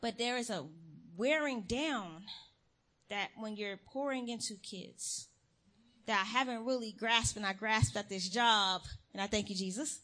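A woman's voice: on the high side, a little slow. A young adult woman giving a casual sermon to her church, telling stories with slang and acting out quotes. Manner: lively storytelling with slang and acted quotes. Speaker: church speaker.

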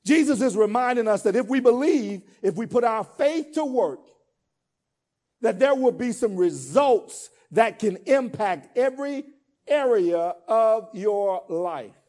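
Male pastor, high-pitched, rhythmic call-and-response preaching that swells to emphatic peaks, folksy asides. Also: lively intonation, a little slow, darkish tone. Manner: informal vernacular asides. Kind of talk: sermon.

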